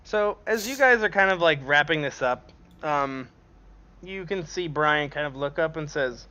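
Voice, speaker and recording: Game master, male, bright voice a touch high, loose and laughing, through a dull lo-fi mic. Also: lively intonation, a little slow. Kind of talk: narrating a tabletop game.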